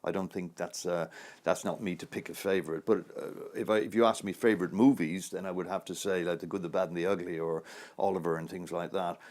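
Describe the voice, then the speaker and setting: A man's voice: low voice, steady tone, brisk, darkish tone. A man in his sixties, an actor, answering interview questions in a rambling, anecdotal way with frequent chuckles. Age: 60s.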